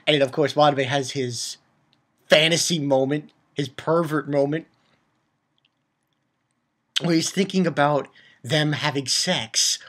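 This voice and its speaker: A man giving a casual, rambling recap of an anime episode, excitable and quick to swear and laugh. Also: fairly high pitch. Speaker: anime reviewer.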